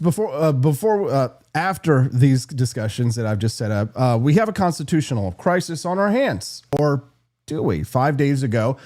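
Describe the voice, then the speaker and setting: A man hosting a live political talk show, brash and quick, reacting to chat and plugging sponsors. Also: medium pitch, a little mellow. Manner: brash, fast-talking, reads live chat. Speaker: host.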